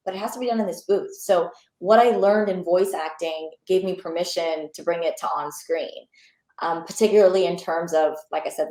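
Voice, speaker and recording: Enthusiastic young woman in an echoey room. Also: lowish voice. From Pakistani and Bangladeshi heritage. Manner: animated, enthusiastic, many fillers. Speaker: actor guest. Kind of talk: casual interview chat.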